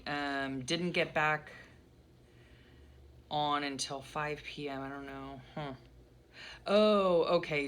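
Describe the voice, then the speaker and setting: A middle-aged woman rambling casually through her journal pages at home, often pausing to recall what happened. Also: sits low, fairly bright tone, slight background noise. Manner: chatty, rambling, pauses to recall. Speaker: journaling vlogger.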